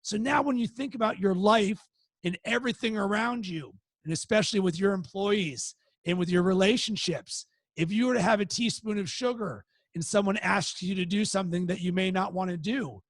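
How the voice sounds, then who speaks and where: A man hosting a webinar, giving a motivational talk and telling a story lively, acting out quoted outbursts. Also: high-pitched, dry recording. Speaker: webinar host.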